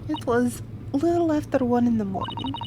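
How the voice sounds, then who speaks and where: A woman's voice: high voice, lively intonation, fairly quick, background noise. A woman voicing a frightened young Russian woman in a put-on Russian accent, stammering and pleading. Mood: confessing. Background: game music.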